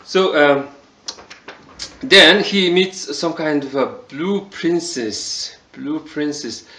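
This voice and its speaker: Slow, halting Mongolian-accented man. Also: on the high side, sharp tone, reverberant. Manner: halting, many fillers like "you know, this". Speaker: video reviewer. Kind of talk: casual spoken review.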